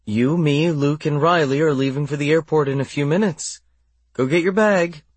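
A man voicing a gentle but firm young woman. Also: fairly high pitch, normal speed, slightly rough, dry recording, pitched above the performer's own voice.

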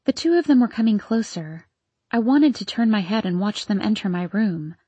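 A woman narrating a novel in the first person, in a hushed, searching and anxious tone, close to the mic. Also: mid-range voice, animated, normal speed, breathy edge, no echo, lo-fi sound. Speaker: audiobook narrator.

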